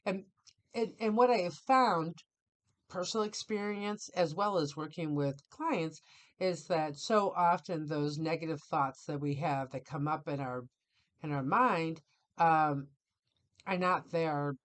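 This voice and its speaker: A middle-aged woman therapist hosting a casual podcast conversation, animated and quick to act out other people's voices. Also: deep voice. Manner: animated, acts out clients' voices in quotes.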